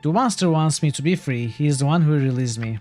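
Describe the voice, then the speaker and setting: A man voicing a determined male adventurer hero, reading game dialogue aloud in an earnest, steady way. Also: on the high side, fast, soft background music, close to an everyday voice. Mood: defiant.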